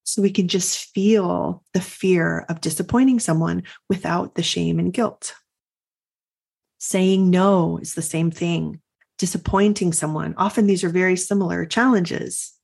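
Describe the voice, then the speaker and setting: A middle-aged woman hosting a podcast, telling an earnest personal story in a reflective, confessional way and slowing down to stress her points. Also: lowish voice, steady tone, creaky, darkish tone. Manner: earnest, confessional, slows for emphasis. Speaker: podcast host and coach.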